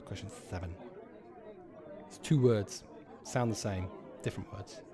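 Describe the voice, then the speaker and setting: A man in his thirties hosting a live pub quiz, chatty and sweary, repeating each question slowly. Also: lowish voice, crowd noise.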